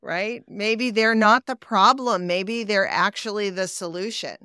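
Slow, bright-voiced woman therapist. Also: medium pitch, clear, resonant tone, no room sound, studio quality. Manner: unhurried, affirming, many soft mm-hmms. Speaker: therapist and podcast co-host. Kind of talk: casual chat.

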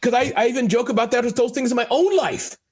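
A man talking as an interview guest, joking and animated, often calling the host by name. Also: extremely high pitch, fast. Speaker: guest speaker. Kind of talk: casual interview chat.

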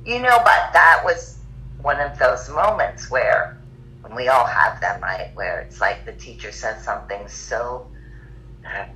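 A middle-aged woman chatting as a podcast guest, with a bright, forward tone. She tells her stories with energy and slips into the voices of the people she quotes. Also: rumbling low, a little slow, slight background noise, low-quality recording. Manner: animated, acts out quoted dialogue. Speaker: podcast guest, yoga teacher. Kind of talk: casual conversational storytelling.

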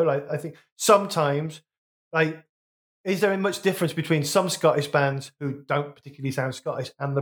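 A man from the West Midlands of England, co-hosting a podcast, musing casually and correcting himself as he goes. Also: fairly high pitch. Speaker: podcast co-host. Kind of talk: casual chat.

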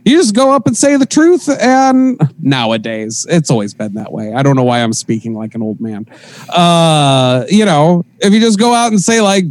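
Man, lively swooping voice, fairly high, casual podcast chat, profane. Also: low-quality recording. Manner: animated, laughing, profane.

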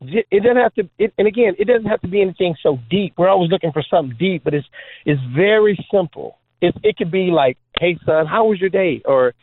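A man who is a former trick basketball player, guest on an interview show, telling stories in an animated, joking way with many fillers. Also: high voice, quick pace, no echo. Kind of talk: storytelling interview talk. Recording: phone-like dry line.

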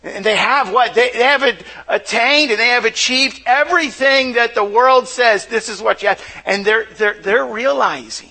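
A man's voice: extremely high pitch, moderate pace, gravelly, hardly any pauses, sharp tone, low-quality recording. A pastor preaching a sermon in church, asking the congregation questions and often repeating words as he restarts. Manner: asks rhetorical questions to the audience.

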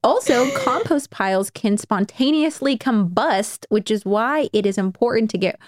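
A woman's voice: a little high, big pitch swings, normal speed, no room sound, clean studio sound. A young woman co-hosting a podcast in casual, chatty talk, rambling a little with fillers. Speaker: podcast co-host. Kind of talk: casual chat.

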